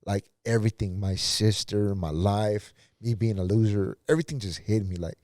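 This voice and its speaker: A man's voice: on the low side, normal speed, darkish tone, no room sound, clean studio sound. A man, a pastor on a podcast, telling his life story earnestly and acting out past conversations. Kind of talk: personal testimony in casual talk.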